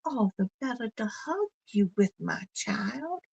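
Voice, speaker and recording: A scheming storybook wolf, coaxing and falsely friendly, as a woman reads him. The voice is breathy and husky. It moves slowly, with a lively, swooping pitch. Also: highs cut off, exaggerated voice. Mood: sly. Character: sly, scheming wolf posing as kindly.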